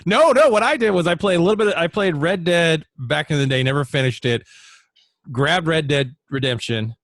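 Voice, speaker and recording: A man's voice: on the high side, moderate pace, a bit bright, no room sound. A man co-hosting a podcast in casual chat, rambling on in a chatty way. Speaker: podcast co-host.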